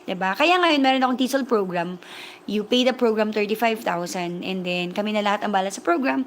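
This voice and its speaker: A woman's voice: medium pitch, expressive, quick pace, a little hiss or hum. A woman from the Philippines with a Filipino accent, hosting a livestream chat, switching between English and Tagalog as she talks and reads viewer comments. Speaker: livestream host and language teacher.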